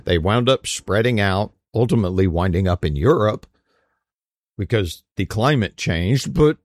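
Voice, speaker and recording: A man's voice: lowish voice, expressive, moderate pace, dry recording. An American man giving a casual opinion monologue, emphatic and rambling, with frequent restarts. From United States.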